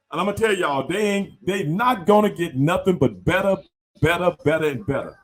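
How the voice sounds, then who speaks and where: A man's voice: sits high, lively intonation, fairly quick, soft background music. A man hosting a podcast in casual interview chat, talking in an emphatic, repetitive, slangy way. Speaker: podcast host.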